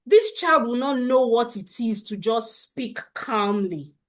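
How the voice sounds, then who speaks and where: A middle-aged woman leads a live parenting webinar at a slow, unhurried pace. Her voice sits a little high, and she circles back over her points, often asking viewers to confirm in the chat. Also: animated. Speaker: parenting coach.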